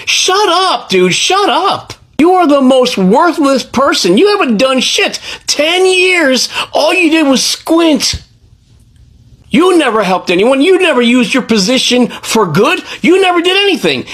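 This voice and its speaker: A woman tears into her subject in a sarcastic, scornful rant, her voice swooping high and low. She mocks and heckles with barbed rhetorical questions. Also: fairly bright tone. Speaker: commentator reacting to a clip. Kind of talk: ranting reaction commentary.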